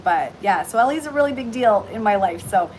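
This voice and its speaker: Middle-aged Canadian woman, rambling heartfelt livestream host, mid-pitched voice. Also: lively intonation, brisk, a little mellow, a little hiss or hum, rough recording. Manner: chatty and heartfelt, many ums and restarts. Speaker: intuitive reader and shop owner. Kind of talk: casual livestream chat. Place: aboard a cruise ship. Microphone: phone livestream.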